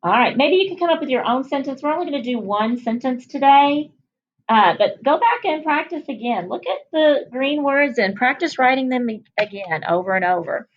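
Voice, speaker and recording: A woman teacher with a fairly high voice leads young children through a phonics lesson. She cheerfully stretches out each sound and word so they can copy her. The recording is a little dull and lo-fi. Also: expressive. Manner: cheerful, sounds out letters slowly. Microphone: recorded at a whiteboard.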